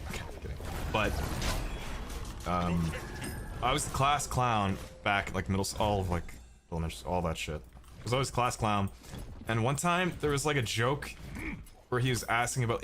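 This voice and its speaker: A man's voice: fairly low pitch, moderate pace, long pauses, fairly bright tone, slight background noise. A young adult man giving profane, rambling gameplay commentary as a streamer. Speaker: gaming streamer.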